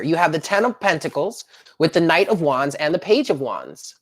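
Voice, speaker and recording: A woman with a low voice that swoops up and down a lot reads tarot cards live for her viewers. She is chatty and upbeat and talks to them directly. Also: very animated, normal speed. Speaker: tarot reader. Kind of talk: live-streamed tarot reading.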